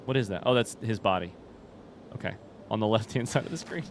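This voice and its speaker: A man streaming a horror game with casual commentary, animated and wry, swearing and joking as he plays. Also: fairly low pitch, fairly quick, a little hiss or hum. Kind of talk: casual let's-play commentary.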